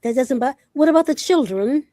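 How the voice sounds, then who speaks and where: A woman's voice: sits high, lively intonation, fairly quick, mellow, dry recording. A woman who hosts and produces a talk show, asking her guest blunt, direct questions. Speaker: host and producer. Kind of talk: interview host.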